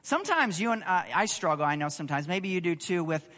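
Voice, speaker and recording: A man preaching a sermon, conversational and animated, asking the congregation rhetorical questions. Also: high-pitched, fast talker, big-room sound. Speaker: pastor.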